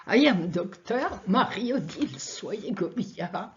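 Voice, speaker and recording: Slow, lively older French woman. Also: mid-range voice. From France. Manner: slow, deliberate delivery of a prepared text. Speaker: researcher presenting at a conference. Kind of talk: prepared webinar talk. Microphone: video call. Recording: dull lo-fi video call audio.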